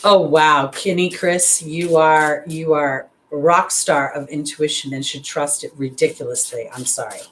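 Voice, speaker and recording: Lady astrologer w a low voice doing a chatty card reading, tiny bit of faint hiss behind. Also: steady tone, unhurried, hardly any pauses, fairly bright tone, low-quality recording. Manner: chatty, rambling, laughs at herself when nervous; talks straight to viewers by name. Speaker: intuitive astrologer and card reader. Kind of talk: casual live tarot and angel card reading.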